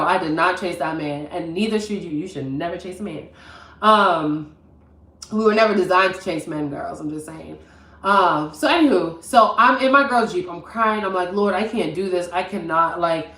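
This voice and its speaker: A young woman telling a personal story on a live stream, chatty and animated, talking straight to her viewers from her kitchen. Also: mid-range voice, far from the mic. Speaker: vlogger. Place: home kitchen. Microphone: camera mic at a distance. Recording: roomy, from off mic.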